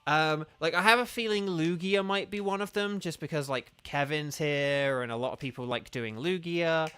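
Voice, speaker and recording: Chatty man streaming, smooth bright voice. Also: fairly high pitch, normal speed, no room sound. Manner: chatty, rambling, coordinating viewers. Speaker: game streamer and voice actor. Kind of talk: casual live-stream chat.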